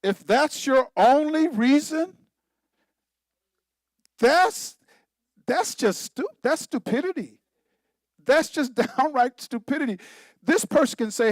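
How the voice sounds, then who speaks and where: A man's voice: very high voice, animated, slow, long pauses, no room sound, rough recording. A man, a pastor, giving an informal Bible teaching in a conversational, emphatic way, repeating himself and laughing at his own points.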